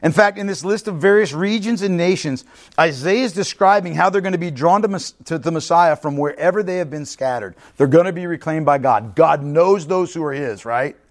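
A man's voice: a little high, brisk. A man teaching through a Bible passage in a conversational way, often checking in with "right?" and "okay?" and sometimes restarting his words. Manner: earnest, restarts and stumbles over words. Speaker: pastor teaching Bible study.

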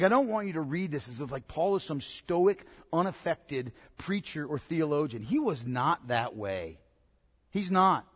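Male pastor, high voice, impassioned sermon, hushed to shouting, casual asides, long hall reverb.

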